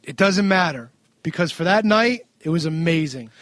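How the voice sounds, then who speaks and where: A man co-hosting a casual talk show, recapping events with heavy swearing and excited outbursts. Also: on the high side, normal speed, no echo. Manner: profane, excitable, acts out quotes loudly. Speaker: podcast co-host recapping wrestling. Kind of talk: casual chat.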